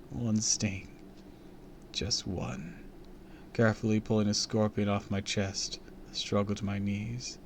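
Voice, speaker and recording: A man's voice: on the low side, a little hiss or hum. A man reading a horror story aloud on a stream, dramatic and dropping into whispers for suspense.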